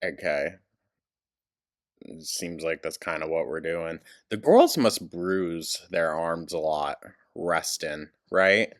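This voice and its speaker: A man's voice: deep voice, slow pace. A man giving sarcastic reaction commentary over a clip, blunt and mocking, with laughing asides.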